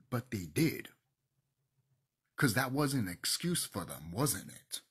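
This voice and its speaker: A man's voice: on the low side, big pitch swings, takes it slowly, pauses often, slightly rough. A man hosting his own channel, ranting to camera in a heated, profane, preachy way. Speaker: channel host.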